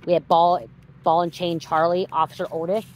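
A woman's voice: lowish voice, little pitch movement, normal speed, noisy background. A woman giving a psychic reading straight to her viewers, emphatic and repetitive, swearing freely and getting worked up as she goes. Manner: gets worked up and heated. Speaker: psychic card reader.

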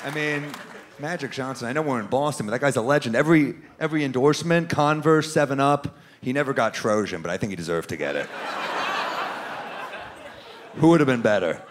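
A man from New York doing a stand-up comedy set with a dry, deadpan delivery, dropping into lower voices for the people he quotes. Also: a little fast. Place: comedy club stage before a live audience. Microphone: handheld stage microphone. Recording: live club recording with crowd noise. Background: audience laughter and club ambience.

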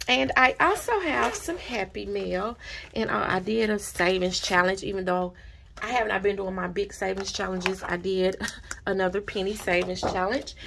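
A woman vlogging casually at her desk about budgeting supplies and mail she received, gushing and repeating herself when excited. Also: mid-range voice, gravelly, a little hiss or hum. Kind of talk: casual unboxing vlog. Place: home desk.

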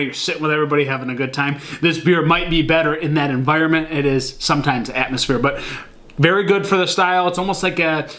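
A man's voice: on the high side, pushed and bright. A man casually reviewing a beer at home, talking to viewers with lots of fillers and a rambling manner. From Michigan. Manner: rambling, many fillers, addresses viewers as guys.

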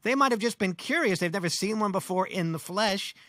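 A man co-hosting a casual chat as a comedian, who talks haltingly with repeated restarts. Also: high-pitched, animated, sharp tone, no echo, clean studio sound. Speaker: comedian co-host.

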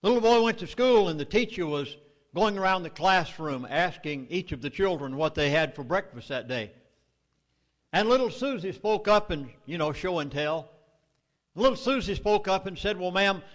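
Speaking at a meeting in a large hall, a middle-aged man with a Southern US accent and a fairly high voice gives a public speech at normal speed. His intonation is lively, and he delivers his warnings with urgency and emphasis.

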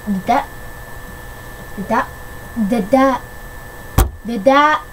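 A woman giving casual gameplay commentary, excitable and quick to shriek when things go her way. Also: fairly high pitch, a little hiss or hum, low-quality recording. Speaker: gamer. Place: at home on a PC.

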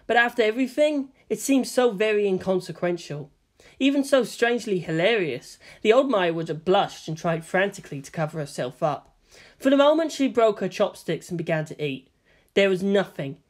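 A woman narrating a fan fiction story in an expressive storytelling manner. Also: on the low side.

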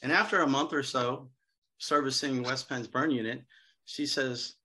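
Bright-voiced man telling sales stories. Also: mid-range voice, moderate pace. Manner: lively storyteller, acts out quoted dialogue. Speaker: guest speaker on hospital sales. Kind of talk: anecdotal seminar talk.

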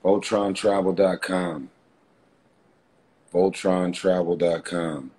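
A man's voice: low voice, steady tone, takes it slowly, a little mellow, slight background noise. A man hosting a casual phone livestream from a hotel room, talking fervently and repetitively straight to his viewers. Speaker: livestream host.

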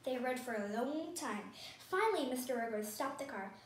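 High-voiced woman reading a kids' book. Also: moderate pace, slight background noise. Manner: expressive, animated storytelling voice. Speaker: storybook reader. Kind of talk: children's read-aloud. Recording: echoey room, distant mic.

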